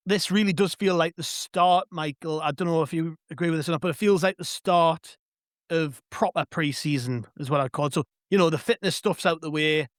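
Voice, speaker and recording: A man's voice: on the high side, no room sound, clean studio sound. A man hosting a casual football podcast, chatty and joking, rambling with fillers. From North East England. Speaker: podcast host.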